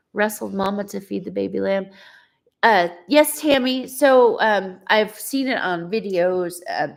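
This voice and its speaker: A woman co-hosting a casual live stream from her ranch, chatting warmly and now and then breaking into playful sing-song calls. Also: lowish voice. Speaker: ranch owner, livestream co-host. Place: ranch home, indoors.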